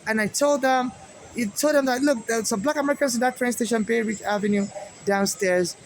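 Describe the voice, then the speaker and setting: High-voiced man with a Nigerian accent. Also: brisk, a little hiss or hum. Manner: agitated, rambling, many fillers and restarts. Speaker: activist vlogger. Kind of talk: monologue to camera.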